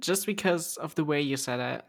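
A woman's voice: sits low, moderate pace, gravelly. Teasing woman from Germany. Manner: teasing, keeps asking for accents. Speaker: podcast co-host. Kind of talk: casual chat.

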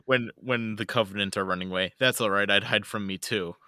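Bright-voiced man in a laid-back podcast chat. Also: fairly low pitch, steady tone, brisk, no room sound. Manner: laid-back, laughs often, swears. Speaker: podcast co-host. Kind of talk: casual chat.

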